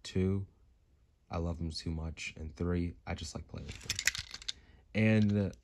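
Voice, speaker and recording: A man's voice: sits low, steady tone, slow. Rambling young man with a noisy recording. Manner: rambling, jokey, swings between loud bursts and mumbles. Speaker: toy collector reviewing a toy truck. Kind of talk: casual toy review vlog. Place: home room.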